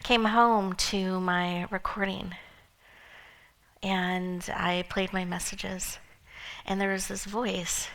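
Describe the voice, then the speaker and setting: An earnest woman hosting an event, telling a heartfelt personal story. Her mid-range voice turns quiet and close to a whisper in the tender moments. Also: medium pitch, level tone, slow, long pauses, low-quality recording. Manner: earnest, emotional, softening to near-whispers. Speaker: event host and speaker.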